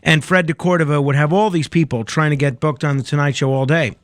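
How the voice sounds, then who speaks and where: A man's voice: fairly high pitch, fairly even intonation, fairly quick, no echo, studio quality. A man hosting a late-night call-in radio show, telling jokes and taking callers with easy chuckles. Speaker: radio host.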